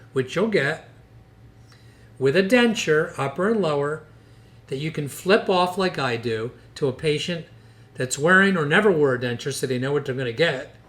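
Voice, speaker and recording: An older man in his sixties with a slightly high voice talks shop with other dentists. His delivery is earnest and persuasive, full of case stories, and he slips into the lines he uses with patients. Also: fairly bright tone. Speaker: dentist and educator. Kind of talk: instructional podcast talk.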